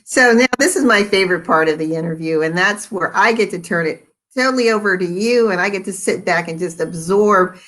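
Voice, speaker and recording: Woman interview host, slightly low voice, affirming and supportive. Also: a bit bright. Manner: encouraging, affirming. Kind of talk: casual interview conversation.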